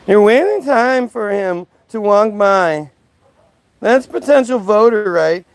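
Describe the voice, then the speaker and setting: A man's voice: high-pitched, expressive, slow, clear, resonant tone, no room sound. A man on a livestream ranting at his chat, combative and mocking as he reads out comments and argues back. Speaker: live streamer. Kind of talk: livestream rant, reading out and answering chat.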